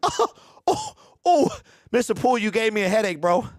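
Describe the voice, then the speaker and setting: A man in his forties hosts a casual fan show. His voice sits high for a man and swings widely in pitch as he riffs on viewer comments and laughs. The sound is close and dry, with almost no room around it. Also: fast talker, dry recording. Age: 40s. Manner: animated, laughs often, talks straight to the audience. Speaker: sports fan show host. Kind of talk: casual live-stream chat reading viewer comments.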